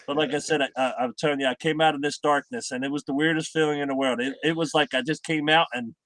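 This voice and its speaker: A middle-aged man chatting casually as a guest, halting and repeating his words as he tells stories. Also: on the high side, fairly even intonation, a bit bright, no echo. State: recovering from heart surgery. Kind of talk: casual chat.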